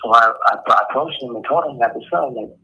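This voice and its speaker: A man calling in from prison, answering interview questions in a halting way with nervous laughs and repeated words. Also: medium pitch, pushed and bright, low-quality recording. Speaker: caller from prison.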